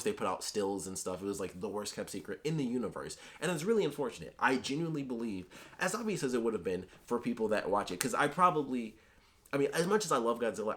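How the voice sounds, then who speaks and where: A man with a lowish voice talks through a movie review in a casual, rambling way. His pitch swings widely as he gets excited, and he leans on lots of filler words. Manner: animated, chatty, many filler words.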